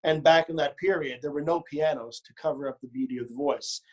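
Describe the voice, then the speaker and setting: A man's voice: fairly high pitch, a little fast. A man leading a choir rehearsal, coaching pronunciation and word stress, modeling phrases by speaking and singing them, with playful joking asides. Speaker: choir director. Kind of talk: choral rehearsal instruction.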